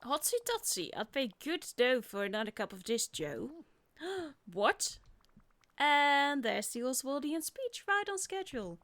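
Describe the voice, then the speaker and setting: A woman's voice: sits high, big pitch swings, unhurried, a bit bright, heavily acted. A woman voicing a grumpy elderly male wizard from game dialogue, fussy and formal in phrasing. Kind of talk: reading game dialogue aloud.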